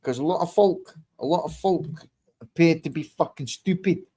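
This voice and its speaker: A man from England hosting his own online show, talking casually to viewers in a combative, lecturing way, slow and deliberate, swearing often and repeating his points. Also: a little high, mellow, husky. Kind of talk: casual monologue answering viewer comments.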